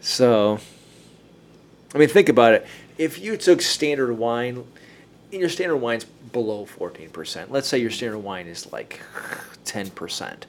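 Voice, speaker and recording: A man's voice: mid-range voice, lively intonation, measured pace. Chatty man hosting a group talk. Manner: chatty, laughs often, restarts sentences. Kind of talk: casual group discussion with some reading aloud.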